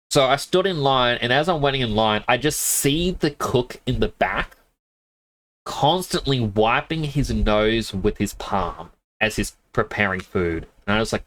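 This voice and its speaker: Sniffly streamer rambling casually. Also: male voice, lowish voice, fairly bright tone. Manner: rambling anecdotes, quick laughs. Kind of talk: casual chat while gaming.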